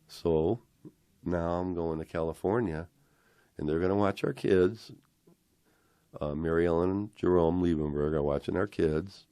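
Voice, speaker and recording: Very deep-voiced older man telling a story. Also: warm tone, dry recording. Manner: acts out quoted voices, halting restarts. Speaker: interview guest telling his story. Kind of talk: emotional personal storytelling.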